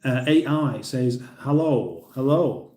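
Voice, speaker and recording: A middle-aged man with a British accent chats loosely through a livestream. He reads viewer comments aloud, rambles, and chuckles at his own jokes. His voice is dark and mellow, and it echoes around the room he is in. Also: medium pitch, animated, slow pace. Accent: British English. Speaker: livestream host. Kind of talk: casual livestream chat reading comments.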